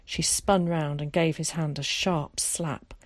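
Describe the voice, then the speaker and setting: A woman narrating an audiobook in a calm, measured way. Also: deep voice, dry recording, clean studio sound.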